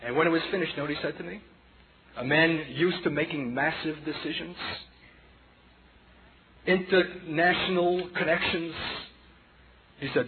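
Slightly high and a bit fast, this Brooklyn-accented preacher pauses often while telling a dramatic story, dropping from loud to hushed to address the congregation as children. Background noise and an audience sit under tinny, phone-like audio.

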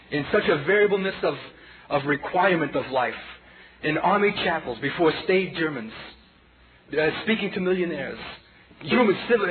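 On a tinny, lo-fi sermon tape with the audience audible, a man in his forties shares his personal testimony from the pulpit. His medium-pitched voice is dramatic and fervent, swinging between quiet moments and loud outbursts.

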